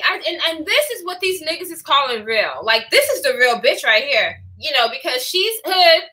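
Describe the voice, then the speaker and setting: Lively, bright-voiced young woman vlogger. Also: high voice, normal speed. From Houston, Texas. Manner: animated, expressive storytelling with mimicry. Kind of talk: storytime gossip vlog.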